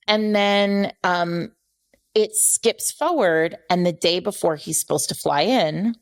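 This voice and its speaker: Woman, podcast co-host, casual book chat, gravelly fry, chatty with restarts. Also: mid-range voice, takes it slowly. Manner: chatty retelling, frequent self-corrections.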